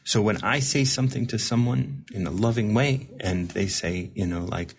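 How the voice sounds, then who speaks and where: Male recovery mentor, husky, conversational, reflective, stumbles and repeats as he explains. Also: lowish voice, moderate pace, hardly any pauses. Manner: repeats and restarts words while explaining. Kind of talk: casual reflective talk with a caller.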